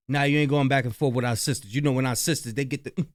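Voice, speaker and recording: A man from New Jersey hosting a reaction channel, giving animated, slangy commentary on clips and repeating his points. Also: medium pitch, fast, hardly any pauses.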